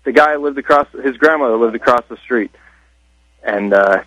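A man's voice: medium pitch, normal speed, a bit bright, no room sound. Man, radio caller, rambling storyteller, dull lo-fi phone line. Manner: rambling, casual. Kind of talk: telling a story on a radio call-in.

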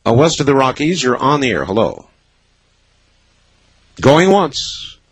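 A man hosting a late-night call-in radio show from a studio, musing and halting as he thinks aloud. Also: medium pitch, very animated, gravelly, fairly bright tone, breathy edge, no echo, poor audio. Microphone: studio microphone.

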